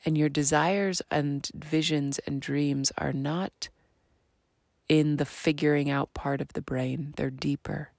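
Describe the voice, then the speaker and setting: A woman's voice: deep voice, steady tone, vocal fry, darkish tone, dry recording. A woman hosting her own podcast, talking earnestly and reflectively about purpose, slipping into whispered phrases now and then. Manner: earnest, slow and spiritual, with dropped whispery phrases. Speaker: podcast host. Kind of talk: reflective solo podcast monologue.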